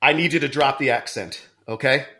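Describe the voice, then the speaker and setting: In an improvised comedy skit, a man with a medium-pitched, brisk, sharp voice plays a brusque male agency boss recruiting a new agent. His lightly acted delivery is bossy, teasing, and playful.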